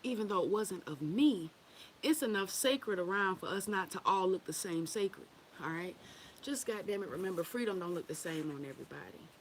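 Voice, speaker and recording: A woman's voice: mid-range voice, lively intonation, a little fast, a little hiss or hum. A woman leading a women's wellness group on a casual livestream, blunt and profane, candid and affectionate, and laughing often.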